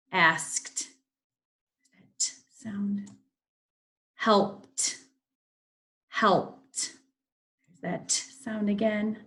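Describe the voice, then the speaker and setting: A woman teaching a phonics lesson, slowly reading each word aloud and repeating it with care. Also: fairly low pitch, creaky, a bit bright.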